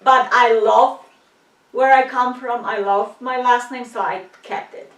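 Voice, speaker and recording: A woman's voice: on the high side, fairly even intonation, measured pace. A woman from Poland, a guest in a casual chat, talking earnestly with slightly broken phrasing. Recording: roomy echo, distant mic.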